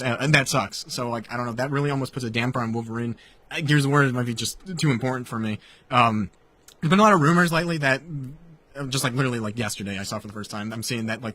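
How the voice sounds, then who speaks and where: A man's voice: mid-range voice, fast talker, bright, forceful tone. A man co-hosting a gaming livestream, musing casually and loosely with lots of fillers. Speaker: gaming podcast co-host.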